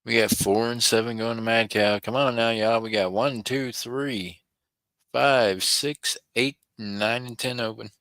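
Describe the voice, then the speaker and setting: A man's voice: medium pitch, steady tone, measured pace, fairly bright tone, dry recording. A middle-aged man hosting a live online auction in a folksy, chatty way, chuckling often. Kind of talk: live-stream auction chat.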